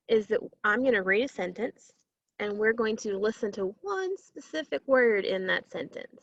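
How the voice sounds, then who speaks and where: A woman teaching a phonics lesson to young children, slowly stretching out sounds and syllables. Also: mid-range voice, vocal fry, no echo, muffled recording.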